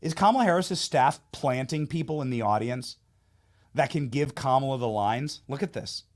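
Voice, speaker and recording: A man with a mid-range voice hosts a political commentary show, delivering an opinionated monologue at normal speed in a heated, mocking, emphatic way.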